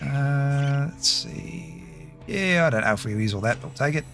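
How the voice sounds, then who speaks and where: A man's voice: medium pitch, lively intonation, moderate pace, creaky, a bit bright, soft background music. A man with an Australian accent chatting casually with his livestream viewers while playing a game, laughing often. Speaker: game streamer.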